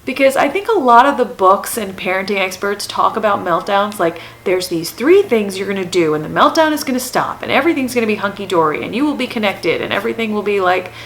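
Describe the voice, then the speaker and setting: A woman's voice: mid-range voice, expressive, fast, hardly any pauses, a bit bright, a little hiss or hum, rough recording. A woman in her thirties, hosting a parenting channel, talking to camera in an earnest way and repeating her questions for emphasis. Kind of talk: advice talk to camera.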